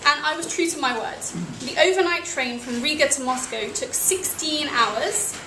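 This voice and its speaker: Young English woman, high voice, dry self-mocking storyteller at a cafe event, roomy and noisy. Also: moderate pace. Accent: British English. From England. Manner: wry, self-deprecating, with small laughs. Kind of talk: personal travel story told to an audience. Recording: echoey cafe with noisy ambience.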